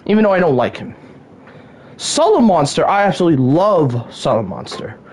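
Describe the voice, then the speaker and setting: A woman's voice: deep voice, sing-song, normal speed, darkish tone, a little hiss or hum. A woman hosting a podcast, ranting in exasperation, often sighing and stammering. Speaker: podcast host. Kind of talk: solo wrestling rant podcast.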